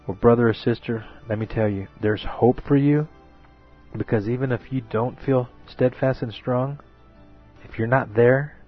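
A man's voice: mid-range voice, fairly even intonation, moderate pace, breathy edge. A man preaching a sermon, often calling his listeners "folks" and building to emphatic peaks. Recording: dull lo-fi recording with faint music.

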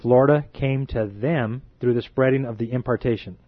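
A man's voice: mid-range voice, normal speed, slightly rough, dry recording. Man, self-styled watchman preacher, earnest and pleading, dry dull recording. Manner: earnest, pleading, repeatedly addresses listeners as folks. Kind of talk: sermon-style warning.

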